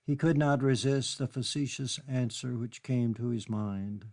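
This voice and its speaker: A man narrating a literary novel in a measured, steady reading. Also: mid-range voice, gravelly. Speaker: audiobook narrator.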